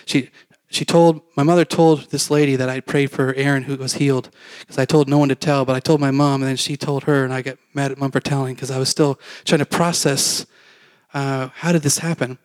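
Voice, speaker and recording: A man's voice: medium pitch, little pitch movement, a little fast, no echo. A man preaching a testimony, telling his story in a rambling, conversational way with fillers and acted-out quotes.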